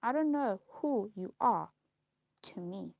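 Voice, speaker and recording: A woman speaking a halting, repetitive personal monologue on a live stream, slow and heavy in delivery. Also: medium pitch, lively intonation, vocal fry, no room sound, muffled recording. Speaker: livestream host.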